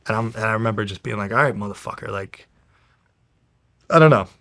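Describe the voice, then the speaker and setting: Young man from new jersey, low-pitched, forceful, blunt, swears a lot, casual storytelling guest. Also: a little fast. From New Jersey, USA. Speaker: guest, professional fighter.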